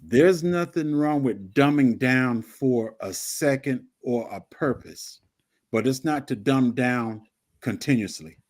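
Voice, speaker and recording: A man speaks in a casual live audio discussion. His voice sits at a middle pitch, and he explains his view in plain, measured words. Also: expressive, a little mellow. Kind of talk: casual chat.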